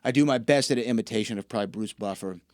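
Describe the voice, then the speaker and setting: Speaking in a lowish voice at a racing pace, a young wrestling ring announcer guests on a podcast. The studio-quality recording has no echo. He's an animated storyteller who acts out the dialogue he quotes in this casual interview.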